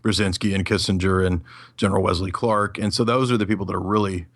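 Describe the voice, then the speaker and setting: A man who is a guest on a podcast, talking through his film analysis in a casual, animated way with frequent fillers. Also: deep voice, fast talker, no room sound.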